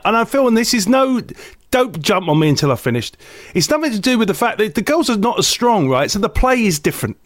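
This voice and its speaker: Give me a man co-hosting a podcast, high-pitched and swooping all over his range, talking in an animated, rambling way with stammered restarts. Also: no room sound. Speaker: podcast co-host. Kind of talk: casual chat.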